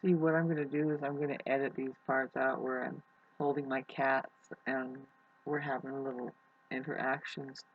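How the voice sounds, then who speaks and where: Husky voice, soft and quiet, hesitant rambling vlogger, dull lo-fi recording. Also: mid-range voice, flat delivery, moderate pace. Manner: hesitant, with many restarts. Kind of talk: rambling spiritual musing.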